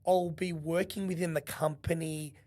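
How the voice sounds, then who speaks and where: An Australian man, a podcast guest, telling animated stories in casual chat, swearing freely and acting out what people said. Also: fairly high pitch, moderate pace. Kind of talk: casual storytelling.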